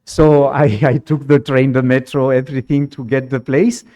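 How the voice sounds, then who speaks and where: A man telling a lively personal story in halting, non-native English with small grammar slips, often laughing as he goes. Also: medium pitch. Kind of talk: personal anecdote in conversation.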